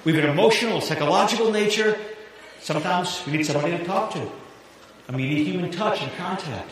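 A man preaching a sermon as pastor, animated and laughing at his own jokes. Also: high voice, fast talker. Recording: echoey hall with long reverb, faint hiss.

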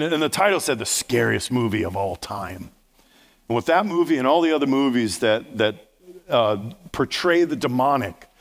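A pastor in his fifties preaching a sermon in a conversational style, joking and teasing his listeners, then pushing up into loud bursts of emphasis. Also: mid-range voice, vocal fry. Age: 50s. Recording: reverberant hall.

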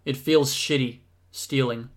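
A man's voice: medium pitch, steady tone, a little slow, close to an everyday voice. A man reading a decent young guy, earnest and a bit uneasy, storybook voice.

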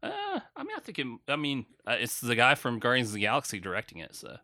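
A man telling a profane story in casual chat, with loud reenacted shouting. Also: medium pitch, wildly swooping pitch, fast. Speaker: podcast co-host.

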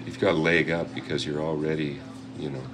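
A bass-voiced man in his fifties, a guest musician, chats casually in an interview, speaking fairly quickly with a flat delivery. He rambles and is self-deprecating, and the recording is noisy.

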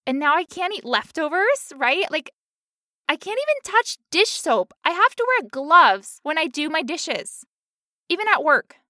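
A woman's voice: high voice, very animated, a little slow, bright, forceful tone, dry recording, clean studio sound. A young woman co-hosting a podcast, talking candidly and emotionally, with frequent laughs. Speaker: podcast co-host. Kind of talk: personal, emotional podcast talk.

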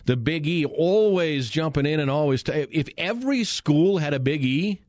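A man's voice: fairly high pitch, lively intonation, normal speed, a little mellow, no echo, clean studio sound. Chatty folksy radio sports host, man. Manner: chatty, folksy, filler-heavy. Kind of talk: live radio sports talk. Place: radio studio.

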